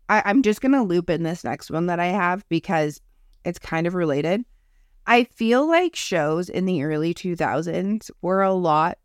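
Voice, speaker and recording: A woman's voice: on the low side, no echo, clean studio sound. A young woman co-hosting a podcast in casual chat, blunt and opinionated, swearing casually. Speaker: podcast co-host.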